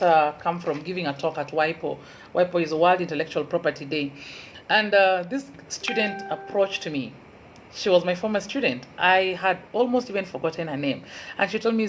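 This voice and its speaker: A woman with a Kenyan Luo accent speaks in a lowish voice, a university lecturer delivering an earnest motivational talk and slowly repeating key advice for emphasis. The recording is rough, with a slight hiss or hum.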